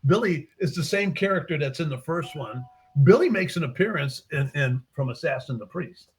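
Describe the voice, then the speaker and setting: A man, a book author in a casual interview, retelling his short stories with lively acted-out character lines. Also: fairly high pitch, moderate pace, a little hiss or hum. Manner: animated storyteller, acts out characters' lines.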